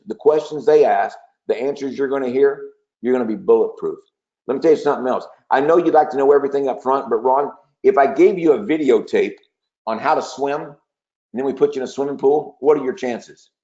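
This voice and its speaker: A man coaching new recruits in a webinar, persuasive and energetic, at times role-playing a conversation. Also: medium pitch, a little fast. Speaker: sales trainer. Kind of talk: webinar training talk with role-play. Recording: dull lo-fi webinar audio.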